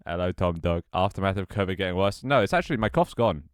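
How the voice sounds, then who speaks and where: A man's voice: deep voice, animated, fairly quick, smooth, no room sound, studio quality. A tired, out-of-breath young man chatting casually with his livestream audience, sighing and swearing offhandedly. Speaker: Twitch streamer.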